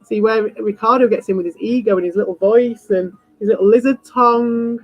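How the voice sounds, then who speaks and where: A woman with a fairly high voice talks at a moderate pace with hardly any pauses and no room sound. Hosting a livestream, she rambles bluntly to viewers, swearing a lot and getting confrontational, over a dull lo-fi recording with faint music.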